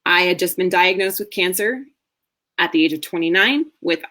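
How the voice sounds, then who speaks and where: A woman in her thirties, a marriage coach, telling a candid personal story in a masterclass with earnest warmth and the odd soft laugh. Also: fairly low pitch, expressive, normal speed. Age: 30s.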